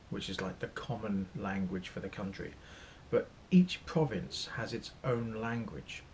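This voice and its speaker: A man from Norfolk, England, with an East Anglian accent chats casually in a vlog, rambling a bit, poking fun at himself and trying out accents. His voice is fairly low, with a little hiss or hum on the recording.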